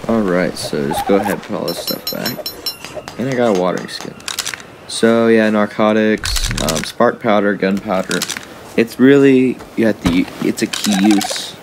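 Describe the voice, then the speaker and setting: Over a noisy background, a gaming YouTuber plays and keeps up a casual, meandering commentary. The young man's voice is fairly low, and he addresses both his viewers and the game's animals.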